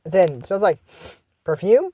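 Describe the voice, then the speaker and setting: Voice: mid-range voice, very animated, normal speed, dark tone. A YouTuber casually recapping a cartoon episode, rambling with many fillers and acting out the characters' lines.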